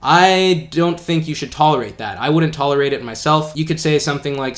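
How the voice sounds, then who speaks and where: A man's voice: on the high side, fairly quick, hardly any pauses, a bit bright. A man teaching English in an online video lesson, talking in a casual, friendly, explaining way with some fillers.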